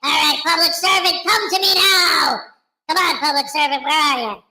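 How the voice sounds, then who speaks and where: A squeaky ranting frauditor guy. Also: normal speed, bright, forceful tone, echoey room, heavily acted, rough recording. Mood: demanding. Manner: ranting, indignant, stammering. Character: bumbling self-important male frauditor, squeaky and whiny. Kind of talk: comedic parody skit.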